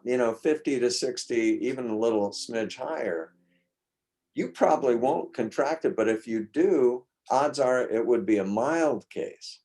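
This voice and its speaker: A man's voice: medium pitch, a little mellow. A man giving an informal talk in a blunt, opinionated and emphatic way, often restarting his sentences. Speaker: speaker at a talk. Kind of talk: informal lecture.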